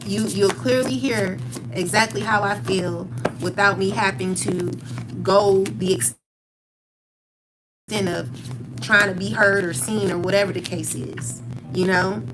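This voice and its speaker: Woman tarot reader, calm monotone, blunt slang, clear music bed underneath. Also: medium pitch, unhurried, long pauses, low-quality recording. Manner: calm, steady monotone delivery; rambling, repeats filler phrases. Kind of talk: spiritual pep talk to viewers. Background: background music.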